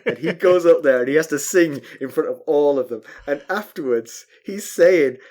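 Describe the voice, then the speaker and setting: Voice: medium pitch, normal speed, darkish tone. A podcast co-host chatting casually, telling an anecdote with giggles and dry quips. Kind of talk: casual chat.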